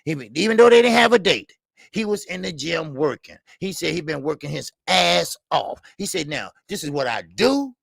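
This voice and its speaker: Gravelly, profane man ranting about boxing. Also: a little high, moderate pace, fairly bright tone, no echo. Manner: profane, heated, repetitive ranting; reads viewer names and Super Chats. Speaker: boxing talk show host. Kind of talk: live-stream call-in rant.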